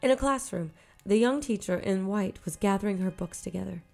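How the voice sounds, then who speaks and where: A woman's voice: mid-range voice, a little fast, gravelly, dark tone, soft background music. A woman narrating a horror short story in the first person, in a tense, dramatic reading.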